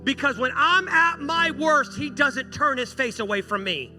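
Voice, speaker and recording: Pastor guy preaching, high voice, acts out the dialogue, music going behind him. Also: a little slow. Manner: animated storytelling, acting out quoted dialogue. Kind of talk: sermon.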